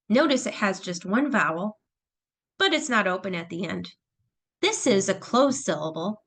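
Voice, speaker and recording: A woman's voice: medium pitch, a bit bright. A woman teacher explaining phonics patiently, step by step. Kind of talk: phonics lesson narration.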